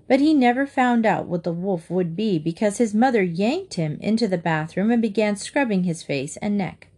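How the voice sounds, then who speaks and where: Brief: female narrator, expressive children's book reading. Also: medium pitch, normal speed, few pauses.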